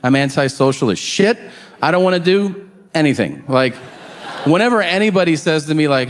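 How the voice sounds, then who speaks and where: A man doing profane, animated stand-up comedy, acting out quotes as he tells his stories. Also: on the high side, fairly quick, a little hiss or hum.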